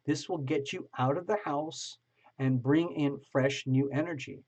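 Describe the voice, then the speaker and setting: A man of middle pitch talks through a tarot reading in a relaxed online style. He coaxes and reassures, slowing down whenever he reads aloud. The audio is a little dull and lo-fi. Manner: gentle, coaxing, slows to read aloud. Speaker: tarot reader.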